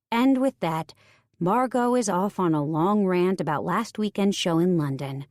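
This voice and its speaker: A woman with a low voice narrates a first-person romance. She reads with wry, self-mocking humor. The recording is close and dry. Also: lively intonation, measured pace, a little mellow, dry recording. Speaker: audiobook narrator.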